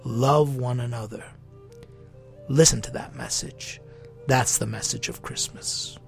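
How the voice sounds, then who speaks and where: A man preaching a sermon as pastor, impassioned and full of rhetorical questions, swinging between loud appeals and hushed lines. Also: medium pitch, steady tone, measured pace, gravelly, over music.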